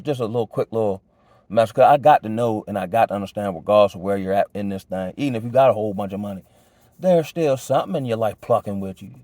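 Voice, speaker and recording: Man, low voice, laid-back and slangy, earnest self-help musings, warm dry sound. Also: no room sound. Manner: laid-back, slang-heavy, full of "you know what I'm saying"; reflective and earnest. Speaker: vlogger sharing life advice. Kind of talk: casual motivational monologue.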